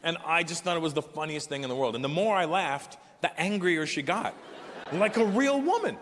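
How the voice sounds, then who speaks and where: A man in his forties performing a stand-up comedy set, telling stories animatedly with profanity and loud punchlines. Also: a little high, animated, brisk, a little hiss or hum. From Canada. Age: 40s. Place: large live venue. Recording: echoey hall with live crowd ambience.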